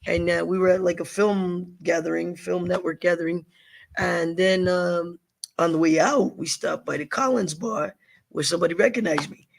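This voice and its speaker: A New man with a high, gravelly voice tells stories in a loose, animated way. He is a comedian guest on a talk show and slips into other people's voices mid-story. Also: moderate pace. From Bronx, New York. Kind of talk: casual interview chat.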